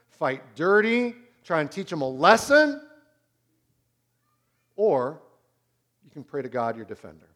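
A pastor in his thirties preaching a sermon, swinging between loud and hushed. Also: on the high side.

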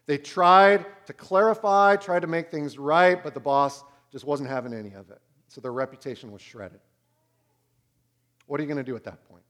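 A pastor in his thirties preaching a sermon, swinging between loud and hushed. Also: on the high side, moderate pace.

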